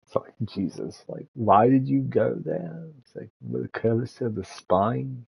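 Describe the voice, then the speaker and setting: A man rambling through casual commentary, profane and laughing often as he thinks out loud. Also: medium pitch, a little slow, creaky, slightly rough. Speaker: streamer.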